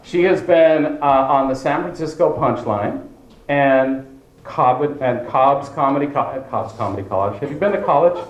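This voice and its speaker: A man's voice: medium pitch, moderate pace. A man doing stand-up comedy as host of a show, joking with the audience and acting out quoted people. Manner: joking, animated, mock-dramatic quotes. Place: comedy club stage. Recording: echoey lo-fi club recording. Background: audience laughter.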